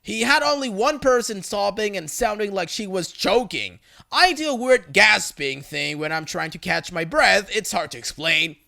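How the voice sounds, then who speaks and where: Bright gravelly male story narrator. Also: sits high, expressive, normal speed. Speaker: narrator of reddit stories.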